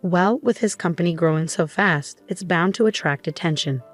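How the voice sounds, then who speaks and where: A woman voicing a calm, frank male business acquaintance in a narrated story. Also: on the low side, normal speed, soft background music, close to an everyday voice. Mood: serious. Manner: serious, then reassuring.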